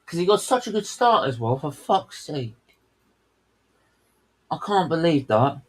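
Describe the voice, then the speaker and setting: A man's voice: fairly high pitch, very animated, a little slow, husky, rough recording. Fuming man ranting over a race. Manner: heated, swearing, fuming outbursts. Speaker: co-host of a race watchalong. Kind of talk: live race commentary rant.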